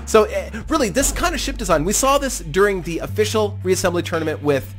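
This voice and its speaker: A lively gaming YouTuber hosts a tournament, commentating in a casual, slightly self-deprecating way at a brisk clip. His fairly high voice swings widely in pitch, with faint game music underneath.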